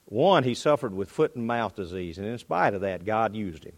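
A man preaching a sermon, swinging between loud bursts and quiet drops. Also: lively intonation, moderate pace. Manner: dynamic delivery, pitch and volume rising and dropping.

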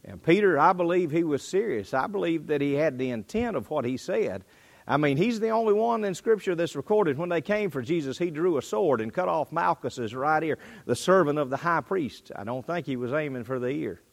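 A man preaching a sermon, swinging between loud bursts and quiet drops. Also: expressive, brisk, vocal fry. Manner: dynamic delivery, pitch and volume rising and dropping.

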